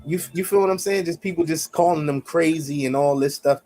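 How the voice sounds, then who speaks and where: This podcast co-host has a slightly high, dark-toned voice and talks a bit quickly, with faint music in the background. Caught up in a heated but casual debate, he defends his position emphatically, hammering his points again and again and repeating "you see what I'm saying."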